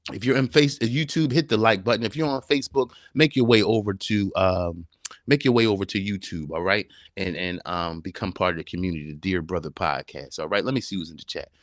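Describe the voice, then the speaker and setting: A man's voice: sits low, no echo, studio quality. A man hosting a live-streamed podcast, talking in an emphatic, preacher-like way and firing off repeated rhetorical questions. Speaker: podcast host. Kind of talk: live-streamed motivational talk.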